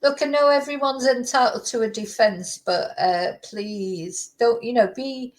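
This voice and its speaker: A woman's voice: fairly high pitch, a little slow, hardly any pauses, rough recording. A woman giving casual true crime commentary to camera, exasperated and ranting, with swearing.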